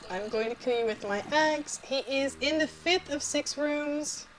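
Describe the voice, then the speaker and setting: A woman with a high voice calls a live game match. Her commentary is chatty play-by-play, and she laughs easily between calls. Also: unhurried, a little hiss or hum, low-quality recording. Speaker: tournament commentator.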